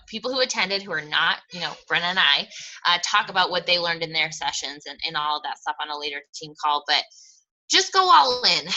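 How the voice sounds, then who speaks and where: A woman's voice: medium pitch, sharp tone, poor audio. A woman coach giving a motivational talk to her team, candid and emphatic, with mild swearing and self-deprecating humor.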